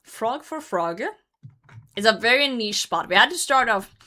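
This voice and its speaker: Young woman streamer, bright voice, chatty, laughs a lot, casual live stream talk. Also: fairly high pitch, lively intonation, unhurried. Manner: chatty, laughs often, talks to chat. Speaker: livestreamer hosting a hide-and-seek game.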